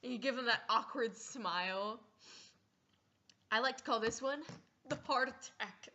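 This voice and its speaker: A woman's voice: a little high, unhurried, bright, forceful tone, a little hiss or hum. A teenage girl vlogging casually in a playful, giggly way, acting out little scenes. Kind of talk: casual comedic vlog.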